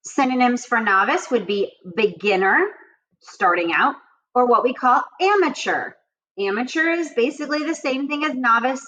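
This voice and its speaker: A woman teacher reading vocabulary words, definitions and example sentences to children, and repeating the sentences slowly and with emphasis. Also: a little high, a bit bright. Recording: dull lo-fi home recording.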